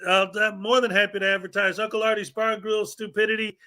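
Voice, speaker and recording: A man's voice: high-pitched, level tone, quick pace, pushed and bright. A man hosting a casual livestream chat who rambles and jokes with a guest, laughing often. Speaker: host.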